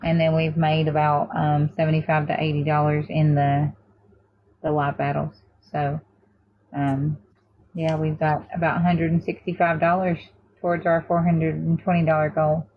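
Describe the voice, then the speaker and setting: Low-voiced woman rallying stream donations. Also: level tone, moderate pace, lo-fi sound. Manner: thanks donors and rallies viewers toward a goal. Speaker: live streamer raising donations. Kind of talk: casual live-stream chat.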